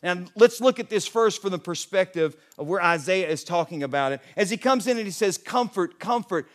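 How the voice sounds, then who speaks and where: A man's voice: high voice, expressive, a little fast, hardly any pauses. Impassioned male pastor preaching a sermon. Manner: impassioned, swings between loud emphatic peaks and soft hushed lines.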